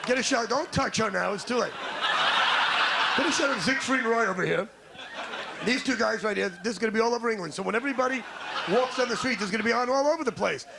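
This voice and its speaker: A brash stand-up comedian in his forties, from New York, rants at a club crowd in a high, gravelly voice. The live recording carries clear audience noise behind him. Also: quick pace. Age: 40s. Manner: brash, crowd-baiting, ranting.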